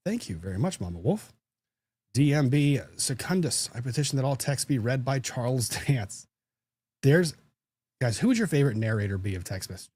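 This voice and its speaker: Brief: male lawyer host, mid pitch, dry close sound, wry banter with chat. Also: big pitch swings, normal speed, darkish tone, slightly rough, no room sound. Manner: joking, self-deprecating, chatty. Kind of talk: casual livestream chat, reading viewer comments.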